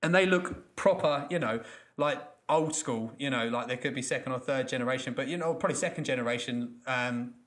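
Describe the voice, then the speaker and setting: A man in a casual chat, halting and searching for his words. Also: medium pitch, fairly bright tone.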